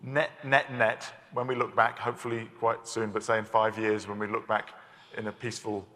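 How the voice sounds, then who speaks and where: A man's voice: lowish voice, flat delivery, normal speed, sharp tone. Articulate male moderator with stammering restarts. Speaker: panel moderator. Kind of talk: panel discussion. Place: conference hall. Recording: long hall reverb.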